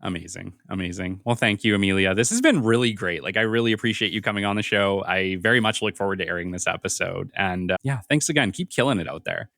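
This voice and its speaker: A man's voice: sits low, expressive, fast talker, gravelly, hardly any pauses, fairly bright tone, dry recording, clean studio sound. A man hosting a podcast, thanking his guest and signing off the episode in a brief, upbeat way. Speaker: podcast host. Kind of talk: podcast sign-off.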